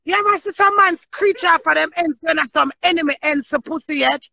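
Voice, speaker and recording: Brash Jamaican woman, high gravelly voice. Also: a little fast, bright, forceful tone, no room sound. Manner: blunt, brash, boastful talk in patois. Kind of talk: casual live-stream chat. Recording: dull lo-fi sound.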